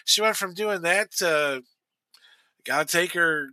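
A man in his forties talks loosely on a podcast, with a very bright, edgy tone that sits a little high for a man. He rambles along, full of fillers and restarts. The sound is dry and close. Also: slow pace, no echo. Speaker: podcast co-host. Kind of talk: casual chat.

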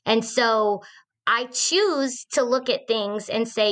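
Bright-voiced earnest woman telling a story. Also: on the high side, slow pace. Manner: earnest, conversational, with fillers and restarts. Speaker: podcast host. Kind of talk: personal storytelling in a discussion podcast.

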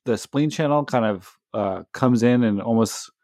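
A man's voice: medium pitch, a little slow, warm tone, dry recording, clean studio sound. A man co-hosting a podcast, asking curious questions in casual chat and laughing easily. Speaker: podcast co-host.

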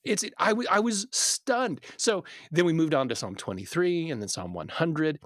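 A man guest on a podcast conversation, telling stories in an animated, earnest way with many fillers and restarts. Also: fairly high pitch, normal speed, no room sound, clean studio sound. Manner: animated storyteller, acts out family scenes.

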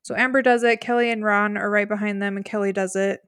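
A woman's voice: mid-range voice, fairly even intonation, fast talker, fairly bright tone, smooth, dry recording, studio quality. A woman co-hosting a podcast, recapping a reality show in giggly, teasing conversation. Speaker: podcast co-host. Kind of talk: casual rewatch chat.

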